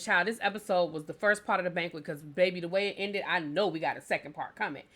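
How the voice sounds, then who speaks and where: A woman's voice: mid-range voice, pushed and bright. A woman reviewing a TV episode for her channel, chatting animatedly and calling viewers baby and child. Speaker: TV show reviewer. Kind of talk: casual review chat.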